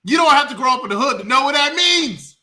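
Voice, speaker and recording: A man with a high, very bright voice, riffing in a casual movie review chat. He is animated and laughs often. He swears freely as he goes. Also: quick pace. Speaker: podcast co-host.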